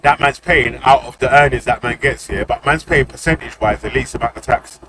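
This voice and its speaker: A man hosting a live stream, his voice mid-pitched. He argues insistently, cutting in with repeated "listen" to keep the floor. Steady noise runs behind him. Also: fairly quick. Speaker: stream host. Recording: background noise.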